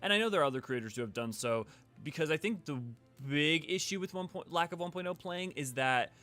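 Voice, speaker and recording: A man's voice: on the high side, fairly bright tone. A man live-streaming a game playthrough, chatting about lore and answering viewer comments in a loose, rambling way.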